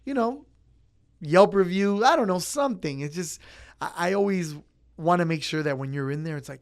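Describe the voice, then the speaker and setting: A man's voice: fairly high pitch, moderate pace, long pauses. A young man in the service trade, talking casually in an interview and acting out chats with customers. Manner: easygoing, acts out customer chats. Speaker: pizza place worker.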